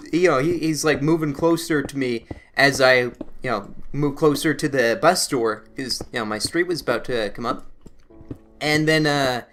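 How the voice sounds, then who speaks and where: A man's voice: mid-range voice, bright, forceful tone. A young man from Canada, hosting a gaming channel, tells a rambling, self-mocking story while he plays, full of fillers and restarts. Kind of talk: casual storytelling while playing a game.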